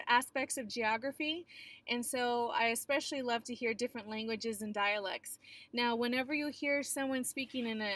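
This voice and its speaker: A woman's voice: a little high, pushed and bright, no echo. A young adult woman teacher giving a recorded geography lecture in a chatty, explanatory way with frequent filler sounds.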